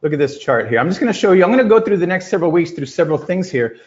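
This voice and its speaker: A man giving an energetic, emphatic motivational talk to a group, telling stories and acting out quotes. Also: sits high, rapid-fire. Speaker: business coach. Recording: lo-fi muffled audio.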